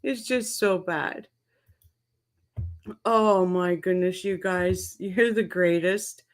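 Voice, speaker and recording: A woman's voice: on the low side, slow pace. A woman hosting a casual livestream, laughing helplessly and greeting viewers in the chat. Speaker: livestream host.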